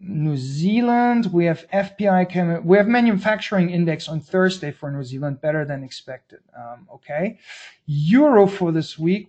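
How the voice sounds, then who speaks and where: A man hosting a trading webinar, talking through market charts in a brisk, blunt, informal way, with slang and frequent restarts. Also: on the high side, mellow, muffled recording. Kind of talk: casual market-analysis webinar talk.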